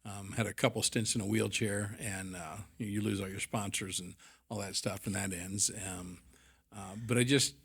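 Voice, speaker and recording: A man's voice: fairly low pitch, steady tone, moderate pace, creaky, slightly rough. A man in his forties, a podcast guest and business owner, telling his story candidly in a rambling, blunt and profane way, full of fillers.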